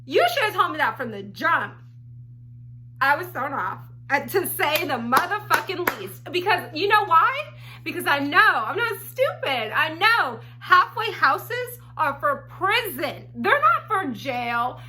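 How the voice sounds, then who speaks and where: Lively high-pitched blunt woman storyteller. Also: unhurried. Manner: blunt, profane, animated storytelling. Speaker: storytelling vlogger. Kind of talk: casual storytime.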